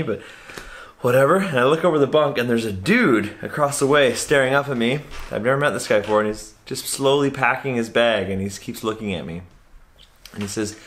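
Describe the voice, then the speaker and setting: A comedian and magician telling a comic story to camera in an animated, playful, exaggerated way. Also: male voice, mid-range voice.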